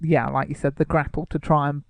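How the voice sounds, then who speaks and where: Man, podcast co-host, gravelly fry, dry close sound, sarcastic banter. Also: fairly high pitch, little pitch movement, no room sound. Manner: mock-indignant, sarcastic, quick to joke.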